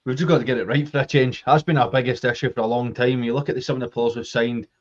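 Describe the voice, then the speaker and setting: A Scottish man in full flow on a fan podcast, pressing his case with passion and barely pausing. His voice sits at an ordinary middle pitch. The sound is dull and lo-fi, like an online call. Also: steady tone. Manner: passionate, talks in long runs of argument. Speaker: podcast co-host. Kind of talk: casual football fan chat.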